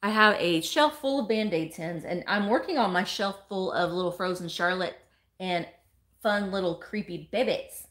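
A woman streams live from home, opening mail, gushing over each item and greeting viewers by name. She's chatty and exclamatory, reads comments aloud, and speaks at normal speed in a lowish, fairly bright voice.

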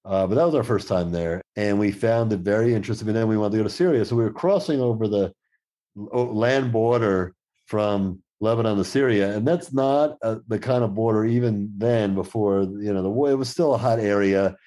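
Low, mellow-voiced man telling travel stories. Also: fairly quick. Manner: lively anecdotal storyteller who acts out quoted exchanges. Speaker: podcast guest. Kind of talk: casual storytelling conversation.

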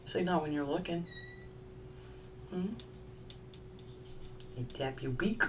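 Middle-aged woman, deep voice, homey pet chat, distant mic with noise behind. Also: brisk. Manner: coos and baby-talks to her bird. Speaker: craft vlogger. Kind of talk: casual chat to pet parrot and viewers. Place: at home with her parrot.

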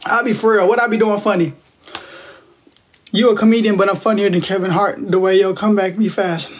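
High-voiced young man bantering on a livestream. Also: steady tone, a little fast, slight background noise. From Texas. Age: 20s. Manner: playful, teasing banter with viewers, slangy. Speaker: livestream host. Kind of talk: casual livestream chat reading viewer comments. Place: at home. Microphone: phone.

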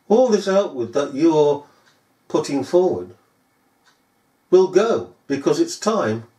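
A man's voice: fairly high pitch, a little mellow. A man preaching a sermon in a scornful, sarcastic manner. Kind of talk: recorded sermon. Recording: echoey room.

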